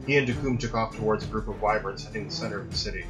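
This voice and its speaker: A man reading a dramatic story aloud in a steady storytelling voice. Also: on the low side, racing, music in the background, rough recording. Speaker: narrator. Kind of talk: scripted audiobook narration.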